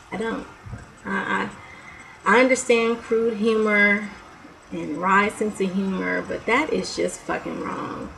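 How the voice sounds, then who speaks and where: Gravelly-voiced woman ranting. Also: mid-range voice, fairly even intonation, slow, fairly bright tone, a little hiss or hum, low-quality recording. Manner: heated, profane and blunt, with laughs and sighs. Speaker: vlogger. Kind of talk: casual on-camera rant.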